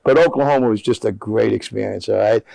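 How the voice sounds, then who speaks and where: A man's voice: lowish voice, fast, vocal fry, no echo. An older man, a former basketball player telling stories as an interview guest, often checking in with "all right?". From Jersey City, New Jersey. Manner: animated storyteller, tags lines with "all right?". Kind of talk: storytelling in casual conversation.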